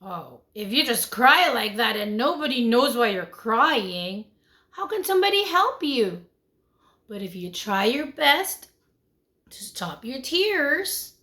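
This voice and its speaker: Slow, animated preschool teacher woman. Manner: animated, sing-song, big swings in pitch and loudness; asks the children many questions. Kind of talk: online lesson for young children.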